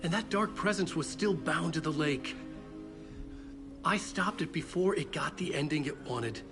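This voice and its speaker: A haunted novelist in a game, his fairly high voice strained and halting, often breaking off and sinking toward a whisper. Tense game music runs clearly beneath him. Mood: troubled. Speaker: writer under questioning.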